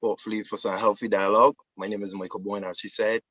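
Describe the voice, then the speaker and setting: A man's voice: on the low side, little pitch movement, quick pace, a bit bright, husky, no room sound, highs cut off. Earnest Barbadian man making his case. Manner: earnest, explanatory, with fillers. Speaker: debate guest, musician. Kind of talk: debate argument.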